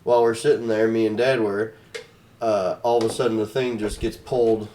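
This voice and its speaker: Young man with a lowish, halting voice. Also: fairly even intonation, warm tone, slight background noise. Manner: halting, searching for words. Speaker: podcast co-host. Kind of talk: casual storytelling chat.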